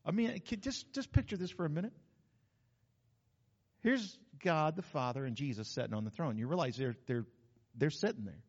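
A man's voice: fairly high pitch, animated, moderate pace, pauses often, a little mellow. A male pastor preaching a sermon in a church, emphatic and calling out to the congregation. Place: church sanctuary. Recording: echoey hall, dull lo-fi sound.

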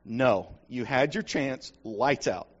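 A man's voice: medium pitch, takes it slowly, slightly rough. A man voicing a stern, fed-up mother at bedtime, curt and firm, on a dull lo-fi recording.

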